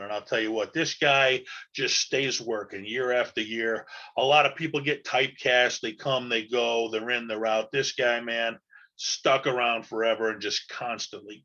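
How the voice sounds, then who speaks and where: A man's voice: medium pitch, bright, forceful tone. A man hosting a podcast in a casual, rambling monologue full of fillers and loose talk, on a dull lo-fi recording. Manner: rambling, chatty, loose with fillers and mild swearing. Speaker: podcast host.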